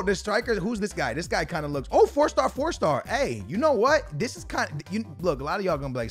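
A young man giving casual, slangy commentary on a video game, bursting into shouts at big moments. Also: sits high, very animated, fast talker, hardly any pauses, soft background music. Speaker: gaming YouTuber.

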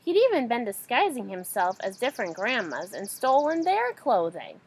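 A woman reading a children's story aloud in an animated, expressive way. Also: on the high side, normal speed, slight background noise, poor audio. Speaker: storybook reader.

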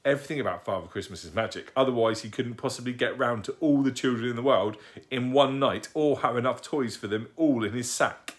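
A man's voice: mid-range voice, a little fast, voice pushed up, lightly acted. A man reading aloud and voicing a chatty, bossy little girl who explains things eagerly. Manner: eager, explaining, matter-of-fact.

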